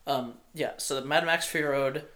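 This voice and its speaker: This young male podcast host, whose mid-range voice has a sharp tone and fairly even intonation, rambles at a moderate pace through a casual movie podcast. His talk is full of ums, fillers and restarts.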